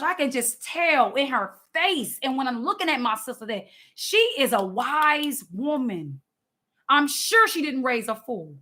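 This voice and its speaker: A woman's voice: sits high, pushed and bright. A woman giving impassioned, preachy commentary, stressing her points and repeating words as she builds.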